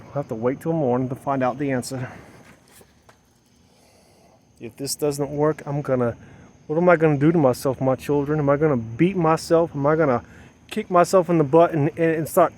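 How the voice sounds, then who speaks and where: A fairly high, darkish male voice moves at a moderate pace with long pauses. A vlogger playing a mother, he talks to the camera outdoors at dusk while setting up solar gear, rambling to himself in a self-talk monologue. He repeats phrases, muttering before rising into agitated outbursts.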